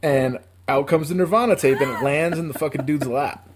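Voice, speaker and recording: His voice runs on the high side and brisk, with background noise in the recording. This man in his thirties, from upstate New York, co-hosts a podcast and spins a long, rambling, profane story in a casual way, laughing frequently.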